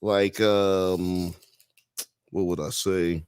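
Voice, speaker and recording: A man's voice: sits low, level tone, extremely slow, darkish tone, smooth, no room sound, studio quality. A man from the US South and Midwest hosting a live show, casually reading chat comments aloud and riffing on them. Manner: laid-back, reads chat comments aloud and riffs on them.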